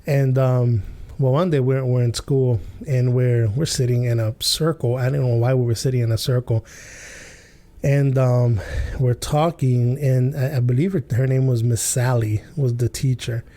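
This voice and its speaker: Mellow-voiced man telling a rambling story. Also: mid-range voice, fairly even intonation, normal speed. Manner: rambling, many fillers and restarts, chuckles often. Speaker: podcast host. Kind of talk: casual storytelling commentary.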